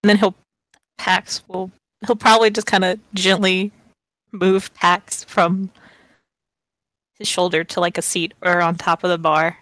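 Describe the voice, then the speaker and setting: A woman's voice: on the low side, measured pace, long pauses, no echo. A young woman, a player in a tabletop role-playing game, chatting casually with rambling asides and fillers. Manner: chatty, rambling with fillers, bursts into excited squeals.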